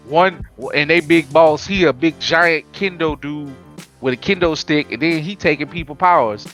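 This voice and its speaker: A man hosting a casual anime podcast, telling it in an animated, slangy way with frequent laughs. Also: a little high, normal speed, soft background music. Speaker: podcast host.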